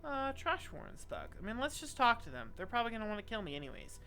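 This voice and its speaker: A woman streaming a game, chatting casually and thinking out loud as she reads item names. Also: on the high side, big pitch swings, fast talker. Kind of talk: casual gaming commentary.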